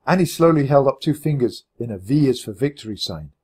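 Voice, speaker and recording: A man narrates a children's adventure book with a husky, slightly breathy voice. His pitch moves a great deal as he builds up tension and drops into hushed moments. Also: fairly quick. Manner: expressive, dramatic storytelling. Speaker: audiobook reader.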